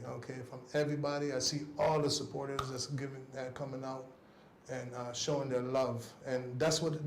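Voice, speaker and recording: A man with a gravelly voice that sits a little high gives a heartfelt tribute on a talk show. He is earnest and halting, and his phrases often sink and trail off. The room is echoey, with faint noise underneath. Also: darkish tone. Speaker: guest on a cycling talk show. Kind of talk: casual spoken tribute.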